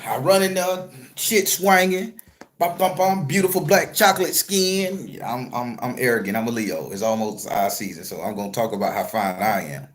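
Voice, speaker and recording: A man telling a personal story in a casual, profane, joking way, jumping from loud excited retelling to a low murmur. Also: normal speed. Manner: crude, joking, streetwise slang. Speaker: spiritual content creator and tarot reader.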